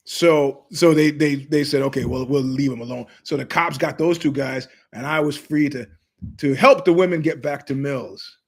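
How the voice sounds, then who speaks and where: A man's voice: on the high side, moderate pace, gravelly. A middle-aged man hosting his show, telling stories in an emphatic, digressive way and acting out the people he quotes. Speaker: show host. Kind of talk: animated storytelling monologue.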